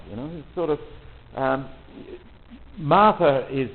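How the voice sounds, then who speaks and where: A man leading a retreat talk for priests, relaxed and conversational, often pausing with ums and restarts. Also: a little high. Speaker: retreat leader. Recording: tinny phone-like audio.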